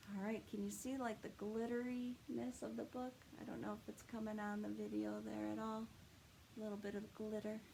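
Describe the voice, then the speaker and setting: A woman, a children's librarian, reading a picture book aloud at story time, animated and expressive and asking the children questions. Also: a little high.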